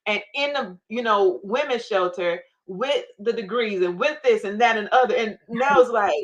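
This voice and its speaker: A woman's voice: a little high, moderate pace, lo-fi sound. Emphatic woman sharing her faith story. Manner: emphatic storytelling, acting out her own past prayers. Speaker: guest. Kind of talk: faith-based interview talk.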